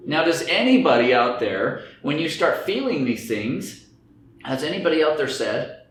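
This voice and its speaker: A man's voice: a little high, sing-song, normal speed, fairly bright tone. A man giving a lecture to a group, acting out inner voices in quoted dialogue. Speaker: speaker on anxiety and stress. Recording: very echoey room, faint background noise.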